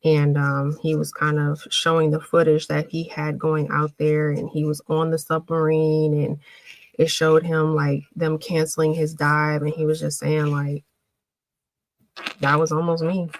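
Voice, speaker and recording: A woman hosting a casual livestream, chatting with viewers and answering their comments in an emotional, animated way. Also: low-pitched, measured pace, dry recording, poor audio. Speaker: livestream host.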